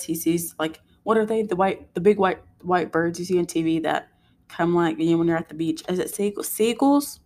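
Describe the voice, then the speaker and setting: Woman, young adult, mother, casual storytelling, animated, lowish voice. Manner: animated, laughing storyteller acting out quotes. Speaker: vlogger, mother.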